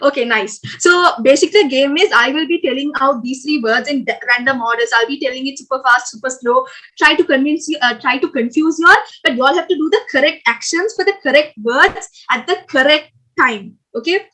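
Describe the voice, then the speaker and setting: A woman's voice: high voice, brisk, pushed and bright, low-quality recording. A young woman, hosting a casual online game for new students in a chatty, upbeat, coaxing way with many fillers. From Sri Lanka. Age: young adult. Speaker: game host at a student club orientation. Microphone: video call.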